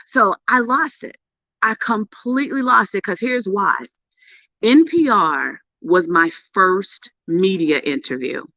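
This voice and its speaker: A middle-aged woman and PR coach telling a story to camera in a casual, animated way, with emphatic bursts and hushed asides. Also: fairly low pitch, dry recording. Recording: dull lo-fi, dry sound.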